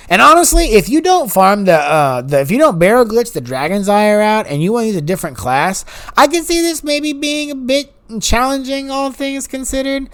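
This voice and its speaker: A man talking loosely over footage of his own game run, wandering from point to point. His voice sits a bit high and comes across smooth and clear. When he quotes himself or others, his pitch leaps up. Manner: rambling, animated, acts out quoted dialogue in higher voices. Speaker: gaming YouTuber. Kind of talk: casual gameplay commentary.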